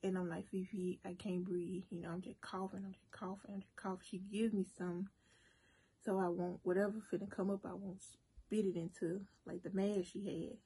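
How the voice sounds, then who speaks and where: A woman vlogger telling a story casually to her viewers, animated and talking straight to them. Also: medium pitch, moderate pace, breathy edge. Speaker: cooking and mukbang vlogger. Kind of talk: casual storytime while eating.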